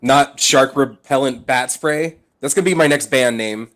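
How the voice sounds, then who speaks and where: A man's voice: medium pitch, normal speed, fairly bright tone. A man co-hosting a casual podcast, rambling with many fillers as he plugs his own stream. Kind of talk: casual chat.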